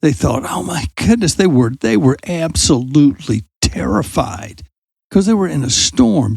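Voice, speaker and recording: A man hosts a youth ministry podcast, telling a Bible story with lively energy in a conversational faith talk. His voice is a little high, husky, with vocal fry, recorded dry. He loudly acts out quoted lines and asks his listeners direct questions.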